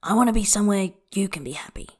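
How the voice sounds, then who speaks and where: A woman voicing a gruff but gentle grown man who speaks plainly with a dry, wry edge. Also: mid-range voice, fast, close to an everyday voice. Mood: wry fond.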